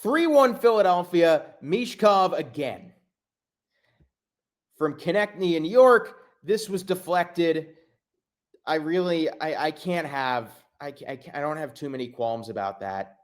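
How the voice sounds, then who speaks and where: A man hosting a solo sports podcast, exasperated, swinging between low muttering and loud outbursts. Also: lively intonation, a little slow. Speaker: podcast host.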